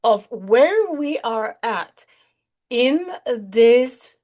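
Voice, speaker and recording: A woman hosting an online prophecy channel, preaching an urgent sermon with earnest appeals and repeated phrases. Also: fairly high pitch.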